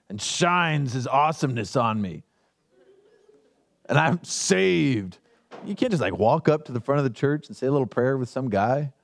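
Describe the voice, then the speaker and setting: Lively, animated male pastor preaching. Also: fairly high pitch. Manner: casual storytelling with playful asides. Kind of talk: sermon.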